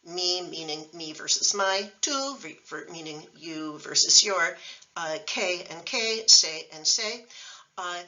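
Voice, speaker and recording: A woman's voice: lowish voice, lively intonation, slow pace, bright, forceful tone. A woman instructor giving a recorded language lecture, explaining patiently and methodically with example words. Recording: dull lo-fi sound from a distant mic.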